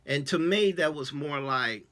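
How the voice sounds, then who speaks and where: A man's voice: a little high, expressive, a little slow, pushed and bright. A man, a religious elder, telling a personal testimony in a casual way, with many fillers, acting out what people said. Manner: casual, many fillers, acts out quoted dialogue.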